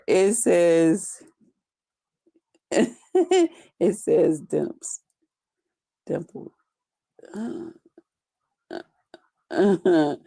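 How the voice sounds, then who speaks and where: On an unscripted live stream, a woman reads her viewers' comments aloud and chats with them in a slow, drawn-out, loose way, swearing freely. Her medium-pitched voice is a little mellow, and laughter often interrupts her remarks.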